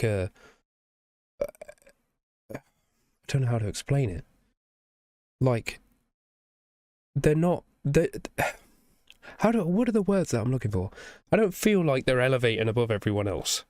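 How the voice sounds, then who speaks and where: A man's voice: mid-range voice, darkish tone, dry recording, clean studio sound. A young man with a nasal, congested voice from the flu, chatting casually and enthusiastically in a rambling reaction. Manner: rambling, swearing, enthusiastic, fond of "you know what I mean?". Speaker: music reaction YouTuber.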